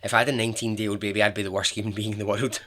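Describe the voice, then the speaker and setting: Brief: male podcast host, lowish voice, casual storyteller, expressive, lots of side comments. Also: rapid-fire. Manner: chatty, expressive, with asides.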